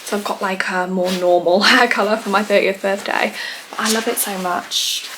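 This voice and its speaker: A woman's voice: steady tone, moderate pace. A woman in her late twenties chatting as a vlogger on a cold outdoor walk, bubbly, and a little out of breath from the climb. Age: late 20s. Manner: chatty and bubbly, high sing-song baby talk to her dog. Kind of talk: casual vlog chat. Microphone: phone held while walking. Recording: outdoor phone audio with clear background noise.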